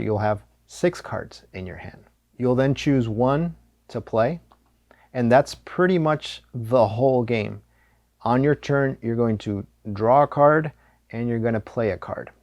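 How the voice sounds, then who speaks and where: A man's voice: medium pitch, a little mellow, no room sound. Man explaining a card game, dry sound. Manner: friendly, explanatory. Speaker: board game reviewer. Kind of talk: casual game preview.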